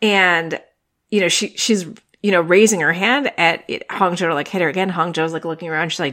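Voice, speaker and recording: A woman hosting a podcast, chatting casually and retelling scenes in a rambling, excited way. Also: fairly low pitch, fairly quick. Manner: chatty, with frequent fillers and restarts, retelling scenes. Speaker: podcast host. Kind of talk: casual chat about TV dramas.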